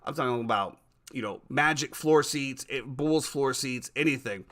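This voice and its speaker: Bright-voiced man telling stories on a podcast. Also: medium pitch, moderate pace. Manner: animated storyteller, repeats words. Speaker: podcast host. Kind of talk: casual podcast chat.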